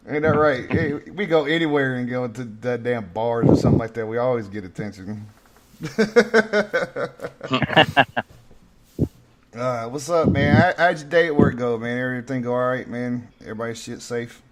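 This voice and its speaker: A man with a Southern US accent from North Carolina, hosting a casual profane podcast chat, telling stories loudly and laughing often. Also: mid-range voice, unhurried, pauses often, slight background noise. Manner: loud, laughing, drawling storyteller. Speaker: host.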